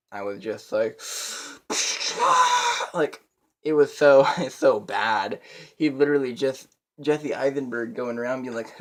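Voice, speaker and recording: A man's voice: medium pitch, darkish tone. A young man giving a casual movie review, rambling and profane, with laughs between his points.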